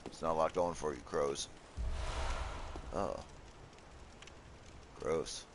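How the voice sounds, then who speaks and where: Brief: laid-back male gamer, unhurried joking commentary, faint background noise. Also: very deep voice. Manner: joking, laughs often, talks back to viewers. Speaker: gaming commentator. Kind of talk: casual let's-play commentary.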